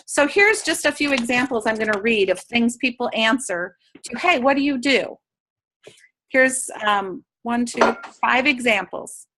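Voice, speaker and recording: A woman with a high, bright voice leads a sales training session over a video call. She coaches in an upbeat way and slips into quick sample chats with customers. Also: slight background noise. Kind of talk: training talk to direct sellers.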